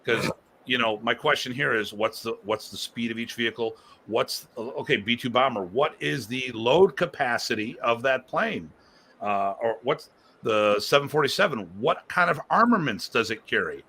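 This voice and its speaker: A man's voice: medium pitch, lively intonation, moderate pace, pushed and bright, slightly rough. A man hosting a casual live-stream discussion as a martial arts instructor, rambling and emphatic, prone to launching into rants.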